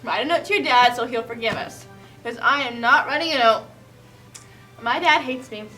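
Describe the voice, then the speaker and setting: A woman voicing a scheming young male suitor who is smooth and pushy. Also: fairly high pitch, normal speed, bright, forceful tone, recorded from a distance, soft background music. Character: young man, scheming fortune-hunting suitor.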